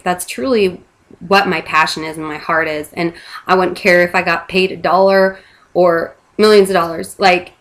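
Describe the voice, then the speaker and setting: A woman in her thirties, a mother, earnestly talking about a product she believes in, with many fillers and restarts. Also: lowish voice. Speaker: product promoter. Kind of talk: casual testimonial monologue.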